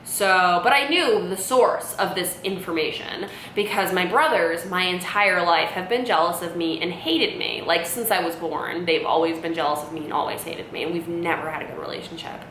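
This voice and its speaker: A woman in her late twenties with a bright, forward voice rambles through a storytime vlog, peppering every sentence with "like." The room is echoey, and a faint hum sits underneath. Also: on the low side, moderate pace, hardly any pauses. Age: late 20s. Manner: rambling, many "like" fillers, animated retelling. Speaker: vlogger. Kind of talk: casual storytime monologue.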